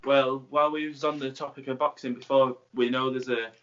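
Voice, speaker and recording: A man hosting a podcast, asking a guest a question in an even, casual way. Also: medium pitch, a little fast. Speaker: podcast host. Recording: dull lo-fi audio, a bit distant.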